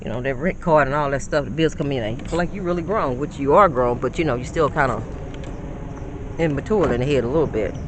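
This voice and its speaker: A woman's voice: rumbling low, fast talker, noisy background. A woman in her fifties, vlogging from her car on a phone, chatty and lecturing, calling her viewers honey. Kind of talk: casual vlog talk. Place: in a car, parking. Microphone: phone camera.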